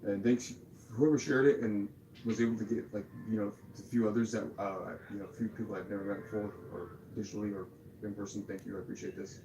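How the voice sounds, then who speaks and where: A man's voice: fairly low pitch, steady tone, fast, dark tone, a little hiss or hum. A frustrated man livestreaming, rambling and repeating his apologies in a flustered way. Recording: roomy echo.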